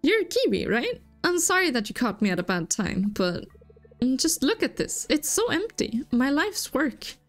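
A woman's voice: sits high, very animated, a little slow, soft background music. A woman reading aloud the lines of a downcast young male museum curator in a video game, in a lightly changed voice. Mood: downcast earnest. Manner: reads the dialogue box aloud.

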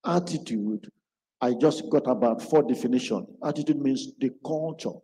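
A man's voice: mid-range voice, moderate pace, mellow. A man preaching a sermon, telling a story and acting out what the people in it say. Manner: acts out quoted speech in his stories. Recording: long hall reverb.

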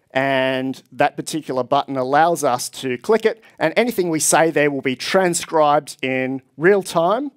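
A man presenting at a tech conference, explaining with enthusiasm to a live audience. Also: fairly high pitch. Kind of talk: conference talk. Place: conference hall.

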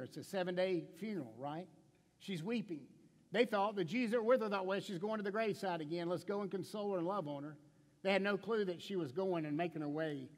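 A male pastor delivers a sermon with passion in a conversational style, frequently sinking to a hushed tone and putting questions straight to the congregation. His voice is high, and the room leaves a long reverb tail.

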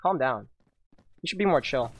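A young man in casual gaming banter with friends, jokey and mock-offended, bursting into yells. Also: mid-range voice, expressive, normal speed. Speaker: gamer recording with friends.

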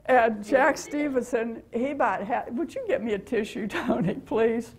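An older American woman, a guest speaker from the USA, shares stories of her mission trip at a church meeting, chatting and laughing often. Her voice is fairly high and moves at a normal speed, with crowd noise behind her.

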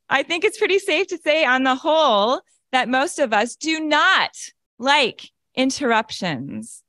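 A woman's voice: high-pitched, bright, forceful tone, no echo. A woman pastor giving a children's sermon in church, coaxing and simple, then opening her sermon. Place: church sanctuary.

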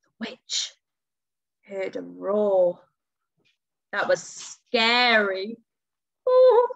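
A woman reading a children's storybook aloud for a school, dramatic and expressive, with whispers and gasps. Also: medium pitch, very slow, vocal fry.

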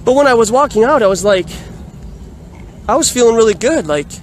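A man casually telling a story in a vlog, animated and laughing often, recorded outdoors on a phone. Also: extremely high pitch, brisk. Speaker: vlogger. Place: outdoors in a busy urban area. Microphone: phone on a selfie stick. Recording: outdoor street noise.

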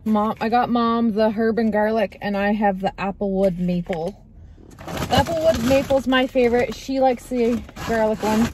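A woman's voice: fairly high pitch, normal speed, darkish tone, slight background noise. A young woman from Canada chatting casually to her vlog camera from her car, laughing often and trailing off. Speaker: vlogger.

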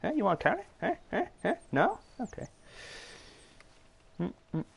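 A man's voice: sits high, huge pitch swings, measured pace, creaky, husky. A man streaming a video game, making sarcastic jokes and mumbling to himself as he plays. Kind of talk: live gameplay commentary.

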